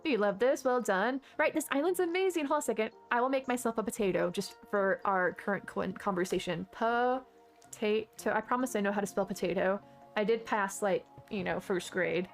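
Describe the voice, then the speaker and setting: A bubbly woman streamer with a fairly high voice, chatting casually to her viewers from home as she plays. She often gasps and exclaims, and faint game music plays softly behind her. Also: expressive, a little fast. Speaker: live streamer. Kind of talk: casual gaming stream chat.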